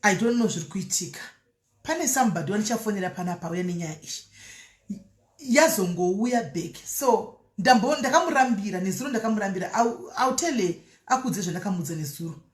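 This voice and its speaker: A woman's voice: mid-range voice, lively intonation, fairly quick, echoey room. Chatty woman live-streaming. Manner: chatty, mixes Shona with English, laughs often. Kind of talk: casual live-stream chat, reading comments.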